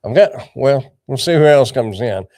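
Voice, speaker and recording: A man's voice: mid-range voice, animated, normal speed, dark tone, dry recording, clean studio sound. An older man hosting a casual livestream, rambling and greeting viewers by name. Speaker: livestream host.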